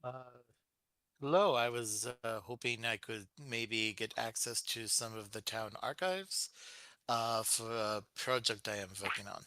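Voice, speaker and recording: Bright, smooth-voiced man. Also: medium pitch, unhurried, no room sound. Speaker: player. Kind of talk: casual tabletop play.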